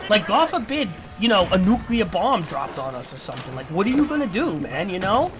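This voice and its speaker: A man's voice: high voice, sing-song, a little fast, over music. A man streaming, ranting in a lecturing, repetitive and profane way. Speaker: livestreamer. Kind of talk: casual stream rant.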